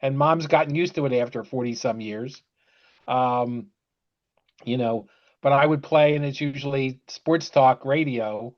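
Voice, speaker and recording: An older man co-hosting a podcast as the father, telling a story in an unhurried way with fillers and chuckles. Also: medium pitch, lo-fi sound. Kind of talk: casual storytelling chat.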